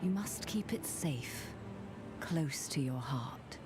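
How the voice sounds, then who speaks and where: A tender, slow-spoken mother. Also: sits low, lively intonation, in a whisper, over music. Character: gentle mother talking to her little daughter. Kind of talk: video game cutscene acting. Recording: game cutscene under loud score.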